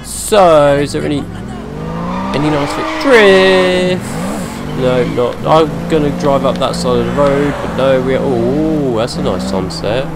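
A man's voice: mid-range voice, lively intonation, slow pace, vocal fry. A young man commentating his own video game play, rambling and correcting himself, with hiccups. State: has hiccups. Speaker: gaming channel host. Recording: noisy game audio under the voice. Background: car and racing game sounds.

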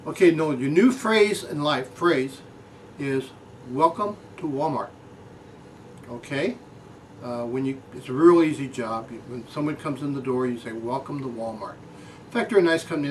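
A man giving a deadpan mock lecture, talking down to his listeners as if they were schoolchildren. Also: medium pitch, recorded from a distance, slight background noise, poor audio. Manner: deadpan, talks down to audience as children. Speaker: comic lecturer.

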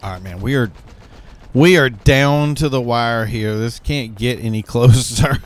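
Male gaming commentator, average pitch, casual and rambling, chatty gameplay talk. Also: unhurried. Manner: rambling, thinks aloud with fillers and restarts. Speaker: gaming YouTuber.

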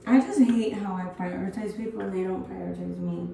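A woman's voice: medium pitch, fairly even intonation, fairly quick, gravelly, noisy background. A young woman in her early twenties, rambling bluntly with swearing as she chats while getting ready at home. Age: early 20s. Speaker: vlogger. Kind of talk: get-ready-with-me chat. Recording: echoey room, distant mic.

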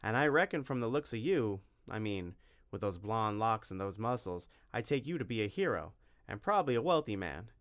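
A man's voice: lowish voice, very animated, moderate pace, fairly bright tone. A man voicing a sly, greedy male cobbler who haggles in a wheedling drawl, in a storybook reading.

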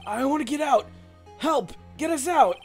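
A woman voicing a frantic, panicking man trapped in a small space, shouting desperate pleas. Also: high-pitched, animated, normal speed, soft background music. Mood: panicked. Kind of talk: reading game text aloud in character.

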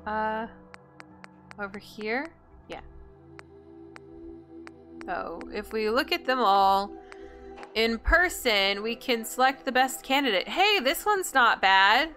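A woman's voice: a little high, lively intonation, slow pace, pauses often, bright, forceful tone, soft background music. A woman hosting a gameplay video, chatting and thinking aloud in an indecisive, casual way. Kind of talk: casual let's-play commentary.

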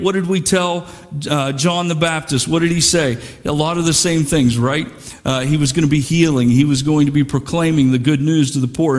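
A man's voice: on the high side, in a large hall. A man preaching a sermon in a conversational way, repeating words and restarting as he goes, and acting out the quotes. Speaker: pastor. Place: church sanctuary.

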